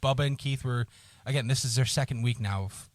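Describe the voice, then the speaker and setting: A man on a podcast telling a painful personal story, halting, repeating words and swearing often, close to tears. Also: mid-range voice, no echo. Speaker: podcast co-host.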